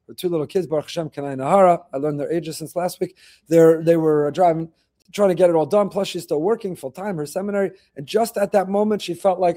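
A middle-aged man, a rabbi, telling faith stories in a quick, animated flow. His voice sits high and sounds mellow rather than bright. He repeats key phrases to drive them home. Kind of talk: weekly faith talk.

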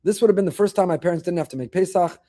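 Talking very quickly in a high voice, a middle-aged rabbi shares stories in his weekly talk on faith. His delivery is animated, and he repeats phrases to drive points home.

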